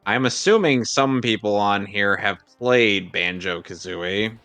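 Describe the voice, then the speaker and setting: A man's voice: on the low side, fairly bright tone, no echo, faint music behind. A man hosting a live game stream, chatting casually and rambling with jokes and restarts. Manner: rambling, joking, halting restarts. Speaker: streamer host. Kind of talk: casual gameplay commentary.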